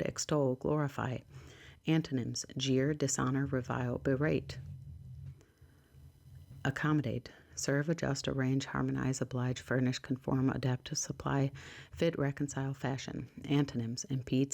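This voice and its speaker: Low-key ASMR host reading word lists aloud; rough, breathy texture, dry asides, drifts into whispers. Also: a little mellow.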